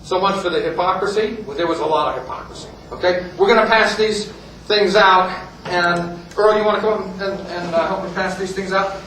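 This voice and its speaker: A man giving a folksy history talk, joking along with frequent restarts. His bright, fairly high voice bounces around a very echoey hall, picked up from far away over faint background hum. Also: fairly quick. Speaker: speaker at a heritage group meeting.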